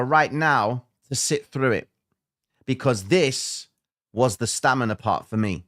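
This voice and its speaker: A man's voice: mid-range voice, slow, pauses often, a bit bright. A man hosting a trading livestream, talking casually and emphatically to his viewers with slangy asides.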